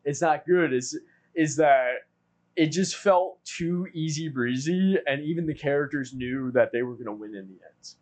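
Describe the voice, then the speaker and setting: Earnest guy reviewing a movie, voice on the higher side, goes off on asides. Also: normal speed, a little mellow. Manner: earnest, builds points at length with asides. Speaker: podcast co-host. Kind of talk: casual film review discussion.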